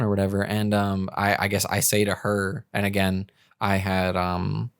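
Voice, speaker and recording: A young man with a fairly low voice tells a story on a podcast, loose and rambling, full of fillers and false starts. The recording is dry, with no room sound. He talks casually as a co-host. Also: monotone, unhurried, clean tone, no room sound. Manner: rambling, many fillers and restarts.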